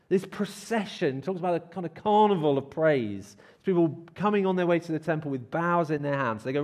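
A man delivers a sermon in church, his voice sitting a little high for a man. He reads scripture aloud and explains it with animated energy, now and then acting out the shouts of a crowd. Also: moderate pace. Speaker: preacher.

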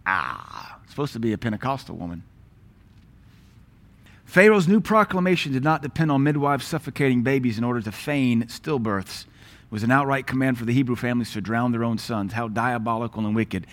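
A man's voice: medium pitch, animated, fairly quick. An American male pastor delivering a sermon in a mid-range voice. He talks bluntly and with open scorn, moving between personal anecdotes and scripture.

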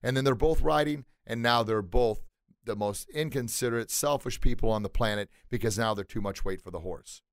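A man hosting a motivational podcast who tells a story with emphatic, animated delivery. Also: medium pitch, fairly quick, no room sound, studio quality. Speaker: podcast host.

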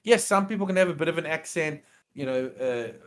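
In casual podcast conversation, this co-host speaks fairly quickly and expressively in a fairly high voice. He's rambling and hesitant, full of fillers and restarts, and turns insistent and emphatic when disagreeing.

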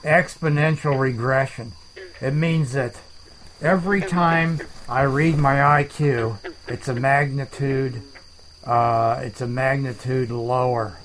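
A man hosting a comedic chat show, rambling deadpan and making up silly words. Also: mid-range voice, takes it slowly, poor audio. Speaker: podcast host.

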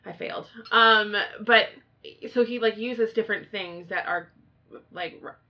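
A woman co-hosting a casual chat, rambling and animated with many fillers. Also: mid-range voice, measured pace. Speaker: podcast co-host. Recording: dull lo-fi sound.

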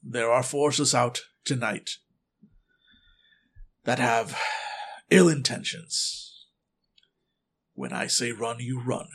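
A man voicing a stern male school principal who gives slow, grave, commanding orders to children. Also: medium pitch, fairly even intonation, vocal fry, fairly bright tone, slightly rough, full character voice.

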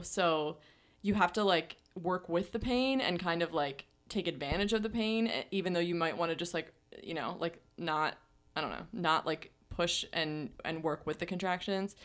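A young woman with a slightly low voice tells a long personal story in a relaxed conversational way. Her speech runs loose and chatty, packed with "like" and "you know", and laughs often break in. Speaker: podcast co-host. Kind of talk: casual storytelling chat.

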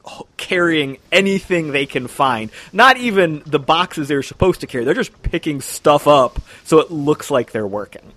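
A man narrating a tabletop game as game master, measured and descriptive. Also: on the high side, expressive, a bit bright, no echo.

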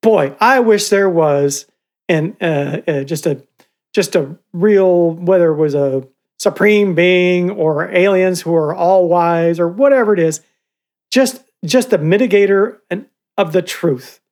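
A man's voice: sits high, measured pace, a little mellow. An older man co-hosting a podcast in casual chat, rambling, swearing freely and restarting his sentences often. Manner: rambling, profane, with frequent restarts. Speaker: podcast co-host.

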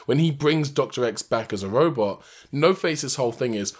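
A man's voice: mid-range voice, lively intonation, moderate pace. Rambling, joking male podcast co-host. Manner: rambling, with frequent restarts and joking asides. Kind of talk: casual comedic chat.

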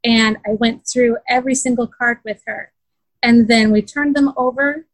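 A woman's voice: on the high side, fairly even intonation, normal speed, no room sound, poor audio. A woman in a casual interview, earnestly telling how her daughter struggled, with many fillers and restarts. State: close to tears. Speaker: parent describing her daughter's learning.

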